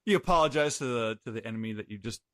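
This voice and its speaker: Relaxed man recapping manga pages. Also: mid-range voice, racing, no echo, clean studio sound. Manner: relaxed, hesitant with fillers while narrating. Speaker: podcast co-host. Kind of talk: casual chat recapping manga.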